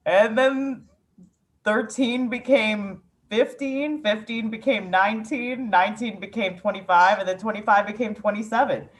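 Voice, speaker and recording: A woman poet from Ukraine, telling a candid, reflective story in a casual interview, with frequent "like" fillers. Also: mid-range voice.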